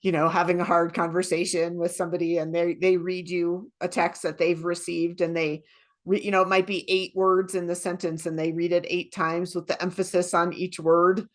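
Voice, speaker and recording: Relaxed middle-aged woman co-host. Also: fairly low pitch, moderate pace. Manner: relaxed, candid, conversational. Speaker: podcast co-host and leadership trainer. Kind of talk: casual podcast conversation.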